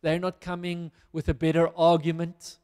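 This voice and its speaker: A man with a high voice preaching a sermon, moving from scripture reading to earnest application for his listeners. His voice carries a long reverb from a large church hall. He speaks as a pastor addressing his congregation. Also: monotone, normal speed, a little mellow, smooth.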